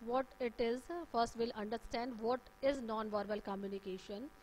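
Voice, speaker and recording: Speaking in a slightly high, somewhat mellow voice, a woman teacher with an Indian English accent delivers a communication skills lecture at a steady, moderate pace. She peppers her explanations with "uh"s and "okay" checks, and the rough recording has a bit of background noise.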